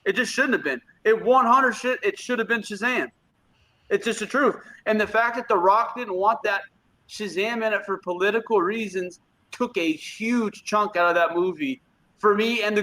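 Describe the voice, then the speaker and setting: High, bright-voiced man ranting bluntly. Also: rough recording. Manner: blunt, profane, opinionated. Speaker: podcast co-host. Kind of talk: casual pop-culture chat.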